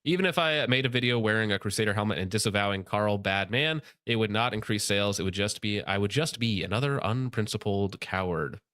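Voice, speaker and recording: A man's voice: lowish voice, fairly quick, few pauses, a bit bright, clear, resonant tone, no room sound, clean studio sound. A man hosting a casual commentary show, reading posts aloud and mocking them sarcastically. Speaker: show host.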